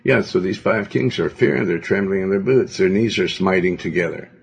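Gravelly low-voiced preacher man. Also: a little fast. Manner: domineering, rambling, with many fillers. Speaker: pastor. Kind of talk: sermon. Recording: dull lo-fi recording.

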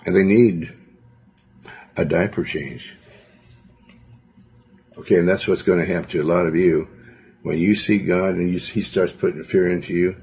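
Male pastor, deep gravelly voice, domineering and rambling, husky tone, lo-fi recording. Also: a little mellow. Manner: domineering, rambling, with many fillers. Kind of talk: sermon. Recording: dull lo-fi recording.

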